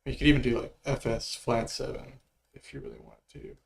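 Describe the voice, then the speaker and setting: A man's voice: medium pitch, steady tone, brisk, gravelly. A man casually talking through music notation on a livestream, mumbling and thinking aloud as he works. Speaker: music producer streaming his work.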